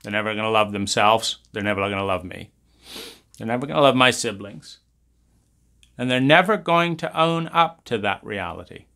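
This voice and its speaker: A man's voice: fairly low pitch, lively intonation, moderate pace, creaky, bright, forceful tone. A man teaching about trauma in an intense, impassioned monologue, swearing and hammering points through repetition. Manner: intense, profane, repetitive emphasis.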